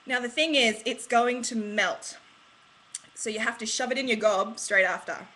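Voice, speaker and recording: A woman's voice: fairly high pitch, normal speed, pushed and bright, rough recording. An Australian woman from Australia chatting in a casual, bubbly vlog, slangy and rambling as she talks. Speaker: vlogger.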